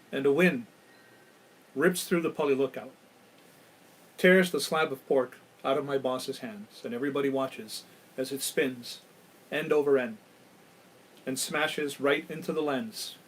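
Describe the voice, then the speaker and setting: A man from Hawaii hosting a live ghost-story show, telling tales dramatically and dropping to a hush at key moments. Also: mid-range voice, low-quality recording. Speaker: storyteller and host.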